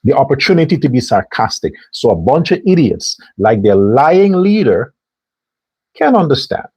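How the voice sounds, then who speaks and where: A man holds forth in a sarcastic, preachy political monologue. His husky voice is highly animated, rising and falling widely. The sound is close and dry. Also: normal speed, no echo. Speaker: host.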